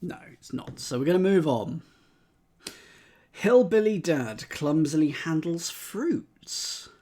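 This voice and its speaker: Male streamer, unhurried delivery, puzzles things out aloud, working through options one by one. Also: fairly high pitch, expressive, warm tone. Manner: muses aloud, methodically tries out letters and words. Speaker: streamer solving crosswords. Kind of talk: thinking aloud, chatting with live chat.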